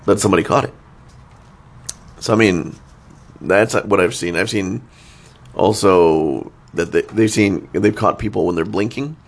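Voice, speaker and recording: A man in his thirties with a low, vocal-fry voice speaks a little slowly, leaving long pauses. As a podcast co-host in casual chat, he rambles in a laid-back way and laughs often.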